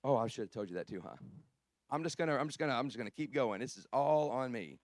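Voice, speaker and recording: Preacher, loud then hushed. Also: male voice, fairly high pitch, sing-song, fast talker, dry recording. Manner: swings between loud preaching and hushed storytelling, clears throat often. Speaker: guest pastor. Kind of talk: sermon with storytelling.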